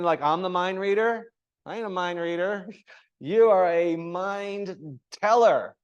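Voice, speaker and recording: A man teaching a yoga teacher training class, talking in an emphatic, animated way and often checking in with his students. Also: on the high side.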